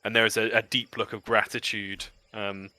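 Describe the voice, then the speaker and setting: Bright clear-voiced man as game master. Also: fairly low pitch, level tone, normal speed. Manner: descriptive, with frequent ums. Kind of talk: narrating a tabletop game.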